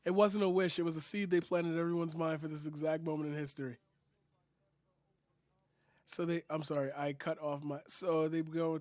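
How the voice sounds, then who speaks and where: A young man reacting to online posts on a close desk mic, his voice high and the sound completely dry. He is sarcastic and incredulous, swearing often and peppering every thought with "like" and "bro". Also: fairly even intonation, normal speed, long pauses, darkish tone, no room sound. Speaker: commentary streamer. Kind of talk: reaction commentary.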